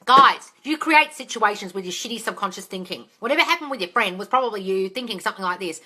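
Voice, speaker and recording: A woman in her forties answering viewers' questions on a phone livestream at home, blunt and exasperated, swearing and often shouting. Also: mid-range voice, lively intonation, fast, hardly any pauses. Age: 40s. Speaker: manifesting coach answering live questions.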